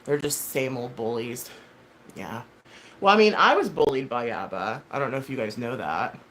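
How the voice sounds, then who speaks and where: A woman's voice: a bass voice, animated, moderate pace, a bit bright. A woman in her thirties hosting a live stream, chatting casually with viewers in a rambling, blunt and heavily profane way, full of fillers and self-corrections. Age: 30s. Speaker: livestream host.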